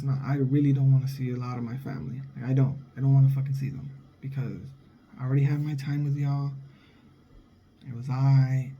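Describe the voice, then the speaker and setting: A young adult man who is a father and vlogger delivers a blunt, heated, profane monologue in a casual style. His medium-pitched voice stays fairly flat and moves at normal speed, and the audio is dull with slight background noise.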